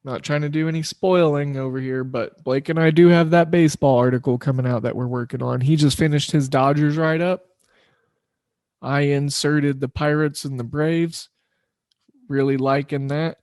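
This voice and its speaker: A man's voice: fairly high pitch, fairly even intonation, normal speed, darkish tone, no room sound, clean studio sound. A man hosting a sports betting podcast, talking loosely and in a rambling, self-deprecating way. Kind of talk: casual solo podcast talk.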